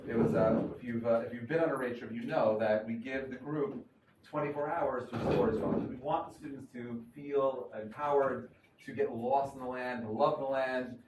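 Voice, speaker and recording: A man's voice: medium pitch, steady tone, moderate pace. A man speaking as a rabbi at a crowded event, telling anecdotes with many fillers and restarts. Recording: echoey room, far from mic, noisy.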